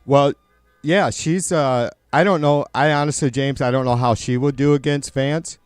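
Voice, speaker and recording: A man's voice: mid-range voice, fairly even intonation, moderate pace, clean tone, no room sound, studio quality. A man live-streaming casual political commentary, swearing a lot and rambling with many restarts as he answers his chat. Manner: profane, rambling with frequent restarts.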